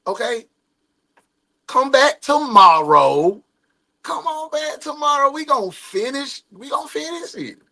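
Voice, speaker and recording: High-pitched, animated male streamer. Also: unhurried, gravelly. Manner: animated, laughing, slips into voices of people in the story. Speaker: streamer reacting to a video. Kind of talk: casual reaction commentary.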